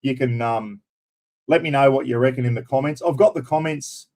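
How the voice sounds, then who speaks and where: A man's voice: medium pitch, brisk, darkish tone. Australian male streamer, casual and blunt, mid-range voice, chats with his audience. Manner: blunt and chatty, mild swearing, addresses viewers as everyone and mate. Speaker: live stream host. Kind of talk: casual live-stream chat.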